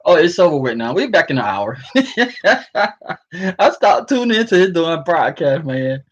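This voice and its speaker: A man with a somewhat high voice talks to his viewers from home in a loose, rambling way, chuckling and slipping into slang. He sounds sleepy. The recording is muffled and lo-fi. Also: very animated, a little slow. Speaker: vlogger. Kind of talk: rambling casual monologue.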